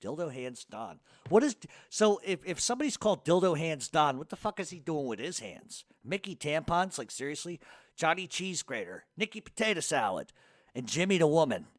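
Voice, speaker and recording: A middle-aged man spins stories and answers questions in loose, cussing talk, laughing as he goes. His pitch leaps up and down as he tells it. The sound is close and dry, with no room around him. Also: fairly quick, no room sound. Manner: profane, laughs often, animated storyteller. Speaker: podcast host. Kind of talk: casual storytelling and Q&A.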